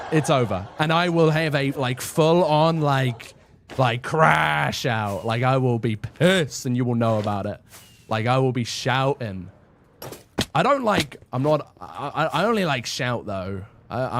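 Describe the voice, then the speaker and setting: Lively rambling young male streamer. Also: mid-range voice. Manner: rambling, chatty, self-deprecating. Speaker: livestreamer. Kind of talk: casual livestream chat.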